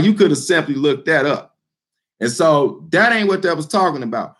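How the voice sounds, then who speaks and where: A man's voice: on the high side, a bit bright. A man giving an informal scripture teaching, talking loosely and bluntly with lots of fillers and repeated words. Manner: blunt and emphatic. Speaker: street preacher.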